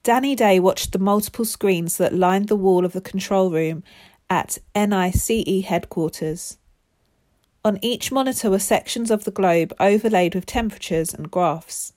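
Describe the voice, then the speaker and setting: A woman narrating a children's chapter book aloud in a steady, clear way. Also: medium pitch, moderate pace.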